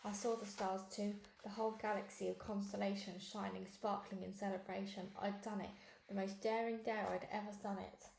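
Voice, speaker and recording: Gravelly-voiced woman reading a storybook. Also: medium pitch, a little fast, roomy sound. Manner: lively first-person storytelling. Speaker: reader. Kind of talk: storybook read-along narration.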